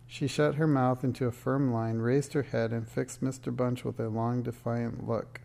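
A man reading a children's book aloud in a steady, measured storytelling way. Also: medium pitch, vocal fry. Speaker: narrator.

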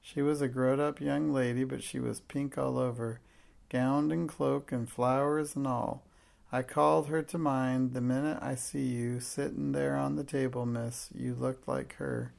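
A man's voice: medium pitch, level tone, measured pace, creaky, darkish tone. A man voicing a timid young cockney servant girl who stammers breathlessly and humbly in a storybook reading. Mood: wistful. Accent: Cockney London.

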